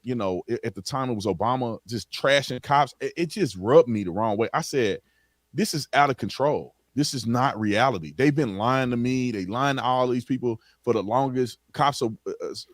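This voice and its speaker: A man's voice: medium pitch, fairly quick, hardly any pauses, no room sound, clean studio sound. A man who is a former police officer, answering interview questions in a frank, plain-spoken way with casual slang.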